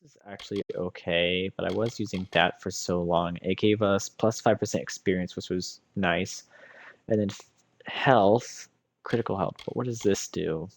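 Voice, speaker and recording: A man's voice: low voice, steady tone, normal speed, gravelly. A tired man giving casual commentary on his game as a let's play streamer, musing aloud as he weighs his choices.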